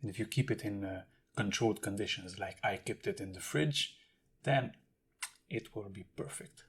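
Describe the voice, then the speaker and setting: A man's voice: fairly low pitch, normal speed, breathy edge. A man talking casually to camera in a food tasting vlog, explaining and eating as he goes. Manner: chatty, talks while eating and handling jars. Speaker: food vlogger.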